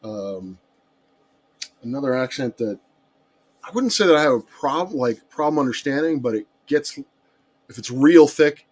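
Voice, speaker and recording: A man's voice: medium pitch, a little mellow. An American man in a casual chat, talking hesitantly with many fillers. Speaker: guest.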